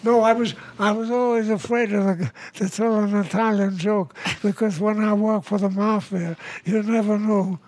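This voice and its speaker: A man in his nineties, an interview guest at home, telling jokes in a relaxed way. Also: high-pitched, moderate pace, hardly any pauses, no room sound. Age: 90s. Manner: relaxed storyteller, laughs at his own punchlines.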